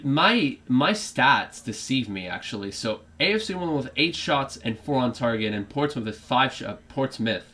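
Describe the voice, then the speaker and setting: A man's voice: mid-range voice, expressive, moderate pace, few pauses, sharp tone. A man hosting a fan channel, giving a casual live reaction to a football match, thinking aloud and correcting himself as he goes.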